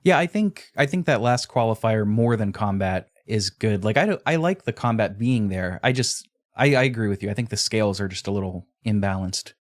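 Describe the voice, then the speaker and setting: A man's voice: on the low side, animated, fairly quick, no room sound. Chatty man on a podcast, dry close mic. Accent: Pittsburgh. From Pittsburgh area. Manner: chatty, laughs often, self-correcting. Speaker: podcast co-host. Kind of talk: casual podcast chat.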